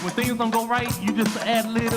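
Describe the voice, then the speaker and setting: Man chanting over loud drums. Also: very high-pitched, level tone, normal speed, over loud music. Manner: rhythmic call-and-response chanting, restarts and ad-libs. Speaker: drummer and children's music performer. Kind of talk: chanted protest song and banter over live drums. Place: event hall stage. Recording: voice under loud live drumming.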